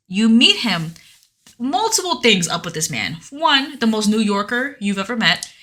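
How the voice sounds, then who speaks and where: A woman's voice: a little high, very animated, moderate pace, bright, forceful tone. A woman co-hosting a podcast in casual, joking chat, laughing often as she recaps a video game. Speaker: podcast co-host.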